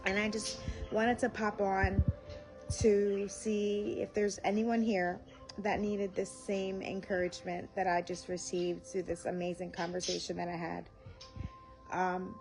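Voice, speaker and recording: A woman speaking live to her viewers from home, slow and earnest, audibly emotional and near tears as she shares a personal faith experience. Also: on the low side. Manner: slow, tearful, heartfelt and earnest. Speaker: faith livestream host. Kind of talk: emotional live-stream testimony. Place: home, indoors.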